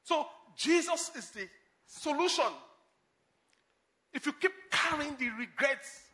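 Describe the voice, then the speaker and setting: A man preaching a sermon, animated, moving between loud emphasis and quiet asides and laughing at his own stories. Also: very high-pitched, slow pace. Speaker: pastor.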